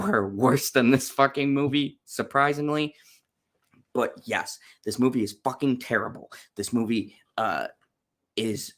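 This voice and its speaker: A man's voice: fairly low pitch, a bit bright. A man hosting a casual movie-review chat, ranting bluntly and profanely with frequent fillers and restarts. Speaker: channel host reviewing movies.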